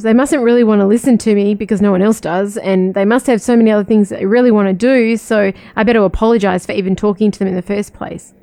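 A woman who is a religious sister talks through a gentle spiritual reflection, asking questions and sharing small personal stories. Her voice is mellow and soft-edged. The recording is dry, with no room sound. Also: medium pitch, dry recording. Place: living in the United States, not from there.

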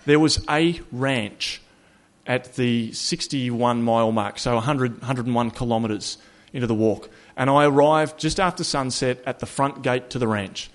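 A man in a mid-range voice recounts a long solo walk as a casual spoken story. He talks in an easy, conversational way, often correcting himself mid-sentence. His wry, self-mocking humor runs through the telling. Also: mid-range voice.

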